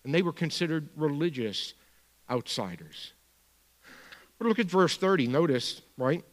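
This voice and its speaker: A man's voice: a little high, expressive, measured pace, long reverb tail. Emphatic preaching man with a Bronx accent. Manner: expository preaching, swinging from quiet to emphatic. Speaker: pastor. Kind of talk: sermon.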